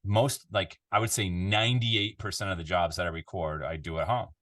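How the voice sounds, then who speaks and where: A Canadian man, a voiceover artist, chatting casually in an interview from his home control room, animated and full of fillers. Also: sits low, normal speed. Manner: animated, conversational, lots of fillers.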